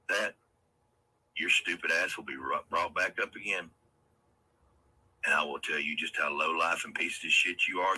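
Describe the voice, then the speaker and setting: A man's voice: sits low, pushed and bright, husky, poor audio. A man hosting a livestream, delivering a profane, confrontational rant and taunting his critics. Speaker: livestream host.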